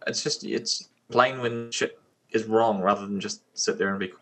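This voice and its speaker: A man's voice: lowish voice, fairly even intonation, normal speed. A man, co-hosting a casual podcast chat in a blunt, profane way over an online call. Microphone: online call mic.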